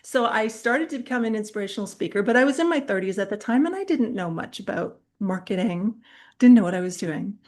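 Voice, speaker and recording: Animated middle-aged woman coaching speakers. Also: mid-range voice, fairly quick. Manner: animated, laughs often mid-sentence; chatty, direct, addresses viewers. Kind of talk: online master class, storytelling.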